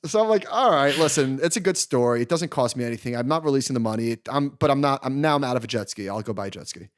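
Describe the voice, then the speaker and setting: A man in his thirties co-hosting a podcast, telling a long story in an animated, casual way and laughing along. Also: medium pitch, fast talker. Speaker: podcast co-host. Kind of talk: casual chat.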